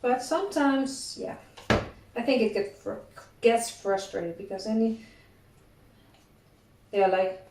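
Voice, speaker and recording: A woman's voice: on the high side, slow pace, pauses often, heavy background noise. A young woman chatting casually as she bakes at home, rambling with self-deprecating asides and sounding slightly out of breath. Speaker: cooking vlogger. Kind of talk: casual chat while baking. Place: home kitchen. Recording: echoey kitchen, distant mic, clattering dishes.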